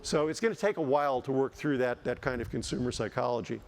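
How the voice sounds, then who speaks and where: Animated man giving a conference keynote. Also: medium pitch, fast talker, creaky, a little hiss or hum. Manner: animated, joking asides, frequent restarts. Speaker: keynote speaker, housing economist. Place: conference stage.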